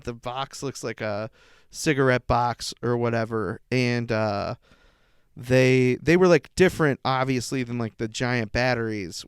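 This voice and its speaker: A man's voice: mid-range voice, clear, resonant tone, no echo, clean studio sound. A young man hosting his own podcast, rambling casually through stories, laughing at himself and swearing. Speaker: podcast host. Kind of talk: rambling solo podcast monologue.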